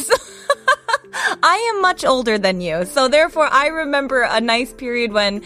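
A woman's voice: high voice, very animated, fairly quick, sharp tone, soft background music. A woman hosting a Korean-learning radio show in a studio, chatting casually, switching between English and Korean, reading out listener comments and laughing easily. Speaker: radio host teaching Korean. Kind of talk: casual bilingual radio chat.

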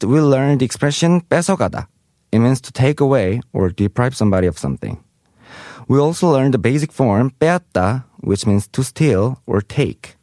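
A man's voice: medium pitch, darkish tone, dry recording, studio quality. A man teaching Korean vocabulary in English. He reads example sentences aloud and translates each one. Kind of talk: explaining vocabulary.

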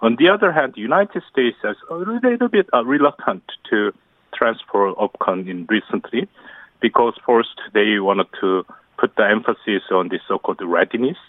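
A man from South Korea, a professor of international studies and a native Korean speaker, giving analysis in a phone interview, speaking haltingly with restarts and small grammar slips. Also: lowish voice, animated, no room sound. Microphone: telephone. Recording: tinny dry phone line.

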